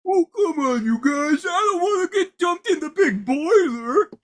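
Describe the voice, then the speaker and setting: A man voicing a dim-witted male turkey sidekick in a high, nasal whine. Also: expressive, a little slow, fairly bright tone, heavily acted. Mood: pleading.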